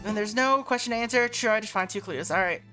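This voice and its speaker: Chatty woman streamer over game music. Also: medium pitch. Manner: laughing asides and quick self-corrections. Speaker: gaming streamer. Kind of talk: casual gameplay commentary. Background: game background music.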